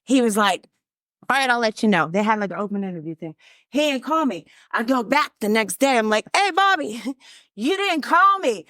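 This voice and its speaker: A middle-aged woman, sharing her recovery story in loud, emphatic testimony and acting out the quotes. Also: on the high side, lively intonation, moderate pace, no room sound, clean studio sound. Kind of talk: personal testimony.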